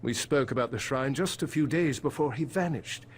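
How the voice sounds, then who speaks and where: An actor voices a worried farmer who was once a financier and is now a weary husband, coming across as polite, anxious, put-upon and earnest. The medium-pitched, everyday-sounding voice moves at a moderate pace over slight background noise. It's game audio with soft music playing behind him.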